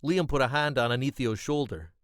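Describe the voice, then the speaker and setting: A man narrating an amateur fantasy story in a plain, steady way. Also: mid-range voice, brisk, no echo, low-quality recording.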